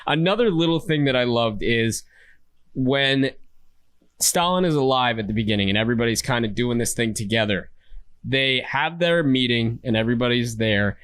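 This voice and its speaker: A man's voice: mid-range voice, normal speed, smooth. A man co-hosting a podcast, chatting casually about films and acting out lines from scenes. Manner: animated, quotes scenes in playful voices. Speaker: podcast co-host. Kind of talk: casual film discussion.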